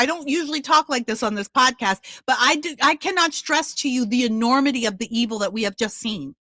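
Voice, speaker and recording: A woman in her fifties hosts her podcast with impassioned, confrontational commentary. Her voice is bright and sharp, a bit high for a woman. It is recorded dry on a close mic. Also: a little fast, hardly any pauses, no room sound. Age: 50s. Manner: impassioned, confrontational, shifts into loud outbursts. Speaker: podcast host.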